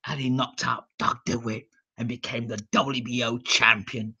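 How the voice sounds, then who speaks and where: Animated British man telling boxing stories. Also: medium pitch, normal speed, breathy edge. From United Kingdom. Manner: reenacts shouts and quotes, rambling with fillers. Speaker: boxing channel host. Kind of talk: animated storytelling monologue. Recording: dull lo-fi sound.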